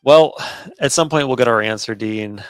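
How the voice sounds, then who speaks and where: A man's voice: mid-range voice, moderate pace, clean tone, no room sound. A man co-hosting a casual sports podcast, confident and teasing. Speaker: podcast co-host.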